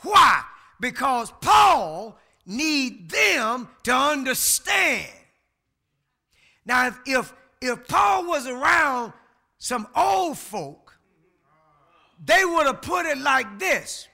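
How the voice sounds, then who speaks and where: Preacher, male, very high bright voice, slow and deliberate, swings between shouts and quiet asides. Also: sing-song, gravelly. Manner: emphatic preaching, shouting on key words, talking back to the congregation; colloquial, folksy asides. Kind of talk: sermon.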